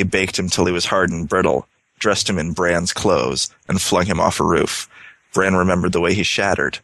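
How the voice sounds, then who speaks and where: A low-pitched man co-hosts a relaxed book-club podcast. He reads story passages aloud and breaks off into offhand paraphrase. His voice is close and dry, with no room sound. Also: no echo. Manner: reads aloud, then drops into quick casual summary. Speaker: podcast co-host. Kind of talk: casual book discussion, reading passages aloud.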